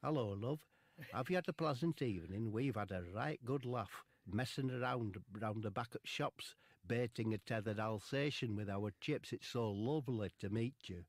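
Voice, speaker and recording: A man putting on a slow, prim, overly polite voice for a footballer in a comedy story. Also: medium pitch, no echo, clean studio sound, natural voice. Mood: smarmy. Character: prim footballer posing as a gentleman.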